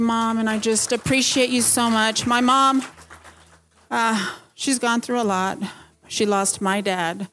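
A woman giving a nervous, modest tribute in church, with faint music behind. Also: medium pitch. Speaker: church member honoring her mother. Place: church service.

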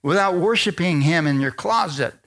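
A man's voice: a little high, expressive, moderate pace, fairly bright tone. A man preaching a sermon as a pastor, speaking conversationally and asking the congregation for amens.

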